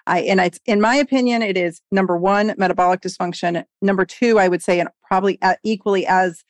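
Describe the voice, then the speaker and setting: A woman's voice: medium pitch, fast, no echo. Emphatic woman doctor in her forties. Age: 40s. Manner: animated, emphatic storytelling. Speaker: guest doctor. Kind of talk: podcast interview.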